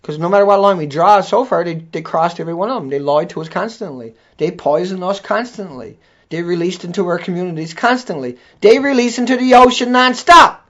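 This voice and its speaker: Male vlogger, high voice, furious profane tirade, dull lo-fi sound. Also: brisk, fairly bright tone. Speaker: video blogger. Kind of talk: angry ranting monologue. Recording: dull lo-fi recording.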